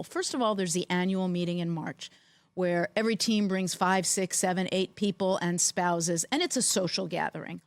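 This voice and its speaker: A woman's voice: fairly low pitch, normal speed, no echo. Storytelling woman on a dry mic. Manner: animated anecdotes, lively quoted voices. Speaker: podcast co-host, former team executive. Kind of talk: storytelling in casual chat.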